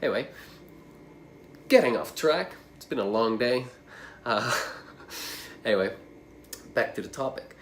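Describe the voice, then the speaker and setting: A man's voice: medium pitch, animated, measured pace, pauses often, a bit bright, slight background noise. A man coaching people with social anxiety, talking casually to the camera in a rambling, conversational way, with plenty of fillers and side remarks.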